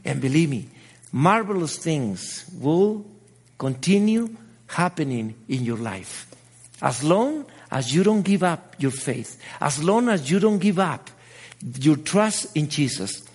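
A man's voice: fairly high pitch, big pitch swings, takes it slowly, darkish tone, slightly rough. A middle-aged man whose first language is Spanish, preaching a sermon with passion and repeating his phrases as he builds to exhortation. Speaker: pastor.

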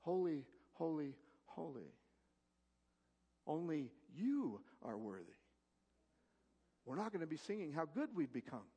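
Male pastor, sermon delivery, bright-ish voice, long hall reverb. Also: fairly high pitch, big pitch swings, unhurried, long pauses, husky. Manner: swings from loud emphatic peaks to soft storytelling.

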